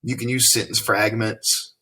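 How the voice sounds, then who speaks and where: A man's voice: lowish voice, fairly even intonation, unhurried, bright, forceful tone, slightly rough. A man from Tennessee with a Southern accent, teaching a reading lesson in a folksy way and asking leading questions. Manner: folksy, explains then asks leading questions.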